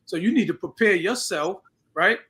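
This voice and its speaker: Bright high-voiced man, reflective. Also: normal speed. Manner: reflective, tags lines with "right?". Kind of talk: casual chat.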